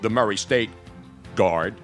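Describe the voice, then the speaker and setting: A man's voice: fairly low pitch, measured pace, soft background music. A man hosting a casual sports talk show, joking and rambling between topics.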